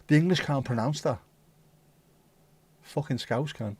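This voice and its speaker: A livestream host, a man with a medium-pitched, slightly mellow voice, chats casually and swears while reading out and bantering with viewer comments. His tone stays steady at a moderate pace, broken by long pauses, with no room sound.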